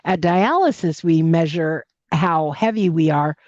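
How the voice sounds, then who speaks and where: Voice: medium pitch, unhurried, a little mellow, no echo. A blunt, joking guest on a casual podcast. The voice comes through dull and dry, with little room sound around it. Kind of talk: casual chat.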